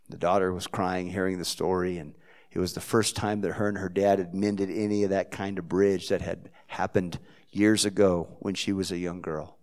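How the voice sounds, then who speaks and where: Man, pastor, low deep voice, heartfelt sermon storytelling, quiet to loud. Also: little pitch movement, moderate pace. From Texas.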